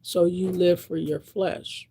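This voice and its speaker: A woman's voice: fairly low pitch, flat delivery, takes it slowly, creaky, dark tone, slight background noise. A woman in her sixties giving a blunt, preachy monologue to camera, repeating her points. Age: 60s. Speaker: vlogger.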